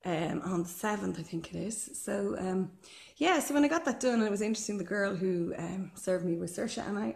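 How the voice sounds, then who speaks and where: A woman chatting casually to camera outdoors in her garden while she works, unhurried, with lots of ums and a little out of breath. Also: mid-range voice, a little mellow, roomy sound. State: slightly out of breath from physical work. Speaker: vlogger.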